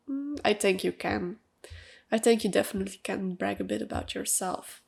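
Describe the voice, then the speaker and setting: A woman's voice: mid-range voice, gravelly, darkish tone. A young woman from Belgium with a Belgian accent and a nasal voice, chatting casually and emphatically on her own podcast with lots of fillers. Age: young adult. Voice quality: nasal from allergies. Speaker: podcast host. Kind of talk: personal casual monologue. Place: at home with cats.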